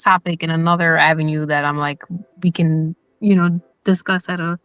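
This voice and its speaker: A woman's voice: deep voice, fairly even intonation, moderate pace, a bit bright, smooth, no echo. A woman from New York with a slight Southern twang, a guest in a casual chat who rambles, loses her thread and restarts her sentences.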